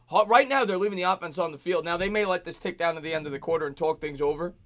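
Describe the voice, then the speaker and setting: A man hosting a sports reaction livestream, calling plays with excitement and reading viewer donations aloud. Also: a little high, rapid-fire. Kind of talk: excited live play-by-play and chat.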